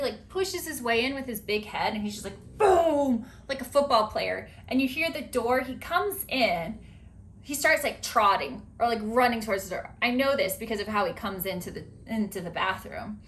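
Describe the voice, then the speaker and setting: A woman hosting a podcast in casual chat, chatty and animated with lots of filler words. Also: fairly high pitch. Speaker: podcast host.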